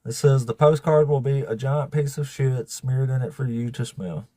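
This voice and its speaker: A man hosting a casual livestream, laughing and swearing as he thanks viewers, emotional and fighting back tears in a raspy voice. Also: medium pitch, normal speed, dark tone, no room sound, studio quality. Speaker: livestream host.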